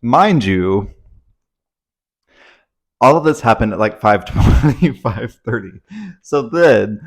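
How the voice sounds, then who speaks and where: A man's voice: mid-range voice, expressive, slow pace. A young man telling a story to his camera at home in a casual vlog, rambling, anxious and swearing freely. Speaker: vlogger. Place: at home indoors.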